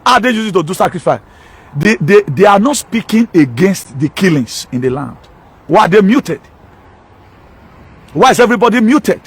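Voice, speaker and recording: A man's voice: sits high, sing-song, moderate pace, long pauses, breathy edge. A man with a Nigerian accent preaching an impassioned sermon, driving points home with rhetorical questions and mixing in Pidgin. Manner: emphatic, mixes Pidgin and local words, rhetorical questions. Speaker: pastor.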